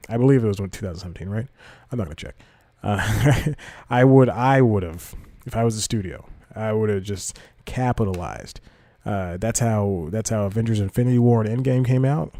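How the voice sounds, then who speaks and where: A young man hosts a solo podcast in a low, mellow voice, wandering from thought to thought with self-mocking asides. The sound is dry and close with no room to it. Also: moderate pace, dry recording. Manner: loose, self-deprecating, restarts sentences. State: slightly out of breath. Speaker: podcast host. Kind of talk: rambling solo podcast talk.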